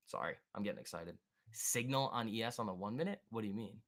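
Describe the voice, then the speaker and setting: A man hosting a live stock trading stream, thinking aloud and answering chat in an excitable, quick way. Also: lowish voice. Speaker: stock trading livestream host. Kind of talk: live market commentary reading chat.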